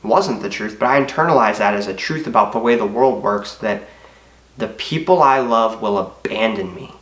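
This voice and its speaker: A man's voice: lowish voice, normal speed, fairly bright tone, reverberant. A man in his twenties telling a painful personal story in an earnest, emotional, confessional way, with hesitations. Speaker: motivational speaker. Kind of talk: personal story told to camera.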